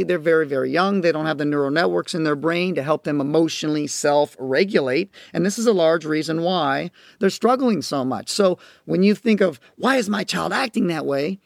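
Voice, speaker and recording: A man's voice: on the high side, gravelly, dry recording, studio quality. A man teaching parents in a recorded lecture, explaining in an earnest, emphatic way. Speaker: parenting educator and counselor.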